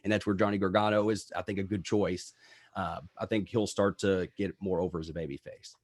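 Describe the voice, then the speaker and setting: Man from the US, podcast co-host, low voice, dry close sound, earnest rambling talk. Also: steady tone, brisk, no echo. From United States. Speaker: podcast co-host, wrestling reviewer. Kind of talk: casual podcast review chat. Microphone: video call setup.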